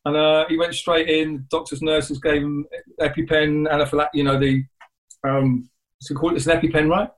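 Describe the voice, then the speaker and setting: Man, slightly high voice, halting conversational telling, many restarts. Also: level tone, rough recording. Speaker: guest. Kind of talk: conversational storytelling.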